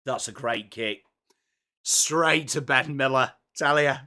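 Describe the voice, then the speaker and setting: Excitable streamer, bright voice. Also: male voice, mid-range voice, slow. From England. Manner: chatty, excitable, greets viewers by name. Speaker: live-stream watchalong host. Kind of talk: live sports reaction and chat.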